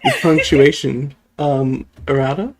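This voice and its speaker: A streamer chatting casually over a game and reading its cutscene lines aloud in quick voices. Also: medium pitch, very animated. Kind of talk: casual let's-play chat with voiced readings.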